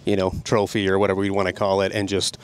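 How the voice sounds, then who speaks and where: A middle-aged man, a podcast guest, telling an animated story about riding. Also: deep voice, quick pace, clear, resonant tone. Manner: animated, excited storytelling with laughs. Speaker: podcast guest, snowmobile rider. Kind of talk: casual storytelling.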